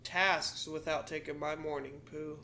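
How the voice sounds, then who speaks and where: High-voiced joking male podcaster. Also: flat delivery, sharp tone, a little hiss or hum. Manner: joking, teasing, quick reactions. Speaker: podcast co-host. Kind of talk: crude casual chat.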